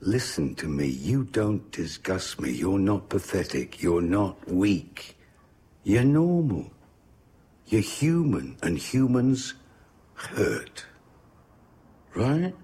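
A man voicing a cold, composed man who talks slowly and calmly to soothe someone. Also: low-pitched, slightly rough, exaggerated voice. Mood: coaxing. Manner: slow, calm, intimate.

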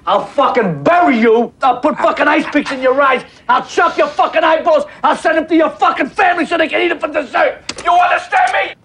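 A man's voice: a little high, sing-song, fairly quick, fairly bright tone. An actor playing a volatile, profane male mob boss in a film, blustering and stammering when he gets emotional. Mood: menacing rage. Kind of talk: film dialogue.

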